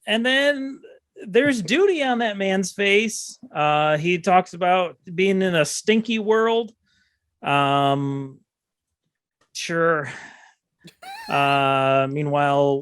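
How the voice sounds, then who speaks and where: Slow, halting man recapping a film. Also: on the high side, fairly bright tone, no room sound, studio quality. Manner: slow, halting, many ums and uhs. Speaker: podcast co-host recapping a film. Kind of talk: casual movie recap chat.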